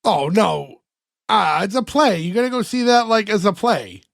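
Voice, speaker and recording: A man's voice: high voice, animated, moderate pace, creaky, no room sound, clean studio sound. A man hosting a podcast, retelling scenes in casual chat and acting out the characters' lines. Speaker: podcast host recapping an episode.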